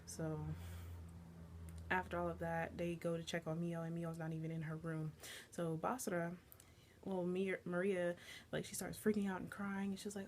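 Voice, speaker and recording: A woman's voice: lowish voice, flat delivery, normal speed, a little mellow, a little hiss or hum. A woman giving an enthusiastic, casual recap of an anime episode, talking loosely with lots of filler words. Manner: enthusiastic, chatty, filler-heavy. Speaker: anime reviewer.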